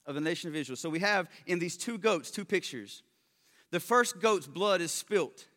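A man preaching a sermon, swinging between loud emphatic stresses and quiet low asides, with joking remarks. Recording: long hall reverb.

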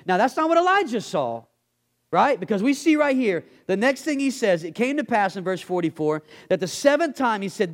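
Guy preaching, voice all over the place, slips into low character voices. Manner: animated, acts out bible characters in dropped voices. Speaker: guest pastor. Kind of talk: sermon.

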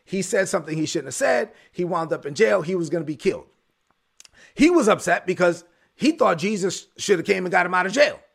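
A man's voice: high-pitched, animated, a little fast, creaky, slightly rough. A male pastor preaching a sermon, emphatic and repetitive, building phrases to a punch.

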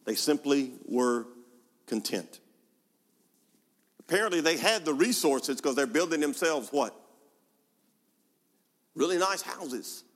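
A man's voice: on the high side, lively intonation, takes it slowly, pauses often. A male pastor preaching a sermon, asking rhetorical questions and repeating words for emphasis. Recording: long hall reverb.

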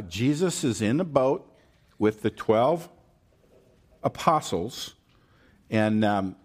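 A man preaching a sermon in a conversational, storytelling way, checking in with his listeners and acting out scenes with lively voices. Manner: animated storytelling, acting out the disciples' panic in a high voice.

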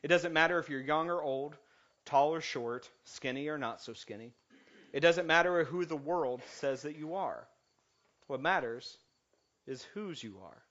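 A man preaching a lighthearted sermon as pastor, joking with his congregation before settling into calm, earnest preaching. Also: on the high side, a little slow. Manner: jokey and animated, then calm and earnest. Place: church sanctuary. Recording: muffled lo-fi sound.

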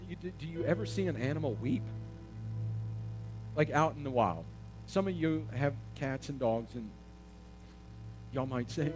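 A man preaching a sermon, asking the congregation questions and swelling to loud emphatic peaks. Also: fairly high pitch, lively intonation, moderate pace, music in the background. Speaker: pastor.

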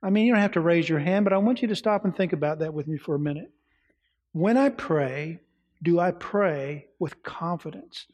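A man preaching a sermon, asking his listeners questions and dropping to quiet, soft tones. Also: a little high, moderate pace. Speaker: pastor. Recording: reverberant hall.

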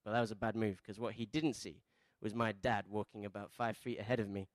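Man, preacher, sermon, rhetorical questions, quiet asides to loud emphasis, dry sound. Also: fairly even intonation, brisk, no echo. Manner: swings between soft, low asides and loud emphatic peaks. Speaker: pastor.

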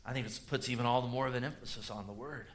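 A man preaching a sermon, swinging between loud emphatic rises and low quiet asides. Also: fairly even intonation, rapid-fire. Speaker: pastor.

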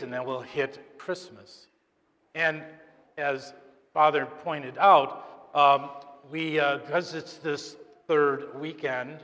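Chatty homily from a man, high voice. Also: a bit bright. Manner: chatty, halting, joking with the congregation. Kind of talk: conversational sermon. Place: church during Mass. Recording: long church reverb.

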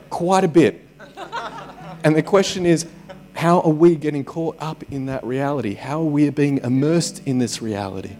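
A man's voice: mid-range voice, a little mellow, a little hiss or hum. Chatty male pastor preaching with humour. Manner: conversational, with joking asides. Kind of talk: sermon. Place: church service.

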